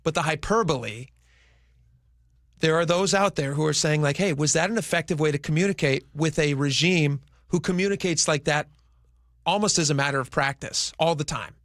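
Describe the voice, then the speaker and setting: Man, talk radio host, gravelly voice, dry close mic, rambling casual chat. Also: a little high, normal speed, a bit bright, no echo. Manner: rambling, restarts thoughts, conversational. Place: radio studio. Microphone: studio microphone.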